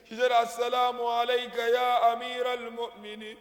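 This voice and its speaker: A Kenyan sheikh with an extremely high-pitched voice delivers a mournful sermon at an unhurried, steady pace, his narration rising into a chanted, wailing lament. He is in a mosque or prayer hall, and the echoey space leaves a long reverb.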